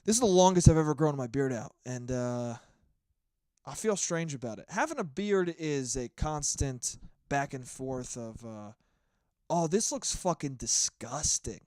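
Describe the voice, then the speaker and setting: A man's voice: mid-range voice, normal speed, clean tone, no echo, clean studio sound. A man in his twenties hosting his own podcast alone, ranting in a casual, profane, rambling way. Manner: animated, profane, rambling rant. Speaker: podcast host. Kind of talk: casual solo podcast monologue.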